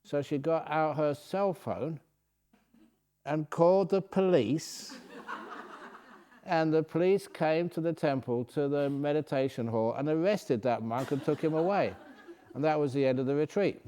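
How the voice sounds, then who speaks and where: Older british monk, dharma talk; mellow, warm, relaxed delivery, easy anecdotes, dropping quiet on the calm parts. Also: male voice, fairly high pitch, moderate pace. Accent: British English. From Britain. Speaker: Buddhist monk teaching a meditation retreat. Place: retreat centre meditation hall.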